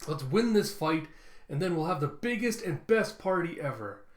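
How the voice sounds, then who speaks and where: A man voicing a brash, cheerful young male pirate captain, shouting high with excitement while reading a comic aloud. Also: normal speed, roomy sound, close to an everyday voice. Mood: excited.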